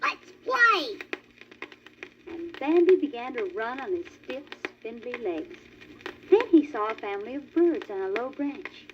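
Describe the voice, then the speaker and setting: A woman reading a children's storybook aloud as the narrator of a read-along record, in a clear, animated manner. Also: a little high, moderate pace. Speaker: story reader. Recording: dull crackly old vinyl record.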